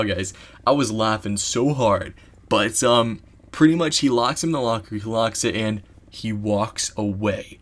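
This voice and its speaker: A man telling a story in a casual vlog, rambling and excitable, packing his talk with "you know" asides. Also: medium pitch.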